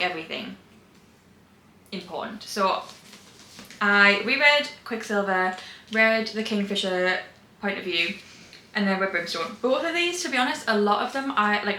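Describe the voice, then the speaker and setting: Young female book vlogger, emphatic, rambling, bright and sharp tone, room echo. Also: medium pitch, a little hiss or hum. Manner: gushing, emphatic, rambling with restarts. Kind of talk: casual reading wrap-up chat. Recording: roomy echo.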